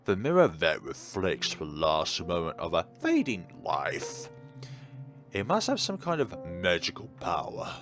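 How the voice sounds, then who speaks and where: A man voicing a lonely, dreamy young girl with a dark streak, reading the game text in a wistful sing-song way. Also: deep voice, huge pitch swings, unhurried, music in the background, heavily acted. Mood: eerie.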